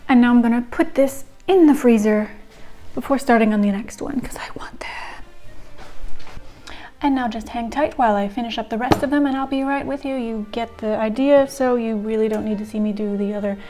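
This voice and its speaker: Young woman vlogging in her kitchen, kinda high voice, giggly and rambly, faint music under it. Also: brisk, dark tone. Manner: chatty, giggly, rambling asides. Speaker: home cook vlogger. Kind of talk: casual cooking vlog.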